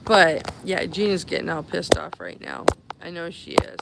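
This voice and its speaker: A woman chats on a phone live stream from an airport where a cancelled flight has stranded her, affectionately calling her followers honey and babies. Her voice is fairly low, gravelly, and steady at a moderate pace, with hardly any pauses and background noise behind it.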